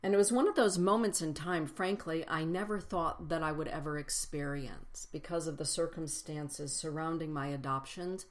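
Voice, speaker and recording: A woman with a low voice gives a personal spiritual talk to a congregation. She speaks reflectively, building lists out of slow, emphatic phrases.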